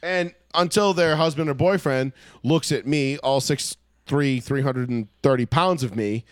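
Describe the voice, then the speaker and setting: A man telling a story loudly and profanely in a casual podcast chat. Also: medium pitch, measured pace, smooth, dry recording, studio quality. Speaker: podcast co-host.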